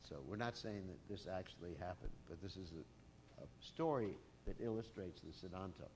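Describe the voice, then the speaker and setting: Man, very low voice, devotional lecture, casual storytelling with fillers, faint rumble. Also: animated, moderate pace, a little mellow. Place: temple hall with a masked audience.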